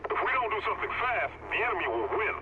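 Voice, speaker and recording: Give me a young game pilot barking short radio callouts, high-pitched and noisy. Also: male voice, sing-song, fast, highs cut off. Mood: urgent.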